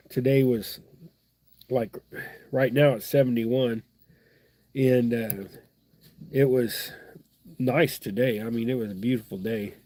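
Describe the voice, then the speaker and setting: A middle-aged man with a stuffed-up nose talks in a loose, folksy ramble as he hosts a live fly-tying session. His voice is mellow and husky, and the sound is dry and close. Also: mid-range voice, no echo. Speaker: fly-tying livestream host.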